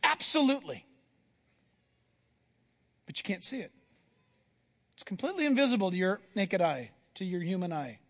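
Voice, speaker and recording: A man preaching a sermon, telling Bible stories with animated delivery and acting out the characters' voices. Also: high-pitched, normal speed, long pauses. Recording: long hall reverb.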